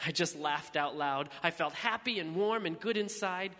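A man narrating a first-person story in a measured, reflective way. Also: on the high side, bright, forceful tone, in a large hall.

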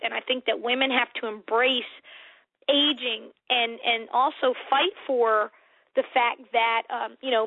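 A woman's voice: a little high, no room sound, phone-quality sound. An American woman in her forties, a guest author talking earnestly and emphatically in a faith-based interview, often repeating words as she thinks. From United States.

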